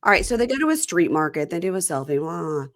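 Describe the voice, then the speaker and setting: A woman's voice: fairly low pitch, big pitch swings, rapid-fire, no echo, studio quality. A woman hosting a podcast, casually recapping a reality show and acting out the lines of its cast with wry asides. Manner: retells scenes with quoted voices and wry asides. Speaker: podcast host.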